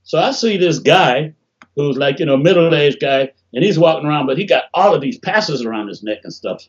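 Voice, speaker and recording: An older man from Detroit telling animated stories in a casual interview over a video call, often acting out what people said. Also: a little high, normal speed. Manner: animated, laughing storyteller, acts out quotes. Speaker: interview guest, bassist. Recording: dull lo-fi call audio.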